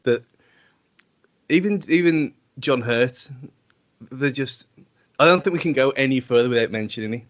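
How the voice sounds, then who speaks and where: A man's voice: mid-range voice, normal speed, long pauses. A man co-hosting a podcast, chatting about a film in a rambling, hesitant way and laughing often. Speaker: podcast co-host. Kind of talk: casual film-review chat. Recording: dull lo-fi podcast audio.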